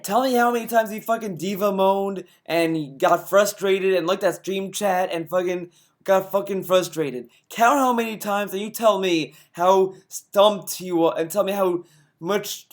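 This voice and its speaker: A man's voice: sits high, a little slow. Exasperated, sweary man ranting. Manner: exasperated, sarcastic, heavy swearing. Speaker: commentator reacting to a video. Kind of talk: profane reaction commentary.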